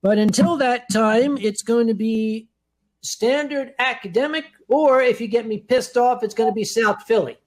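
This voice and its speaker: A man co-hosting a comedy stream while drinking, giving drawn-out mock-stern advice and clearing his throat often. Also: very high voice, a little mellow. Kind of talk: casual comedic monologue.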